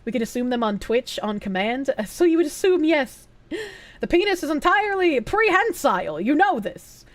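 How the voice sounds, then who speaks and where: A woman's voice: high voice, sing-song, moderate pace, no echo. A young adult woman streaming live, chatting casually in a rambling, profane way and reading out donations.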